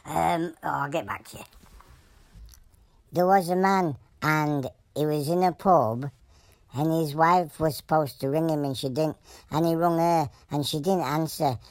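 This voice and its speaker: A low-voiced Yorkshire creature, played by a woman, rambles through jokes in broad dialect with a straight face. The voice sits deep for a woman. It is recorded dry and close. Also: no echo, natural voice. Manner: deadpan, rambling joke-telling in broad dialect. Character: a blunt animal telling deadpan jokes.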